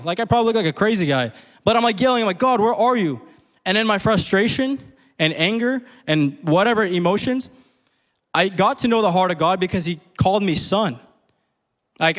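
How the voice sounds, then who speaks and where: A young man giving an earnest, conversational sermon full of fillers, sometimes rising to near-yelling. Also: sits high. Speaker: preacher. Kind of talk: casual sermon.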